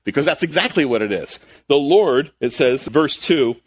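A man's voice: mid-range voice, animated, moderate pace, few pauses. A man preaching a sermon, emphatic, with rhetorical questions and frequent restarts. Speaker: pastor.

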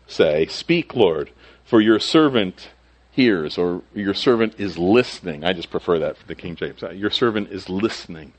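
A man's voice: sits low, lively intonation, normal speed. A male pastor teaching through a Bible passage in a conversational sermon, sometimes acting out the quoted speakers.

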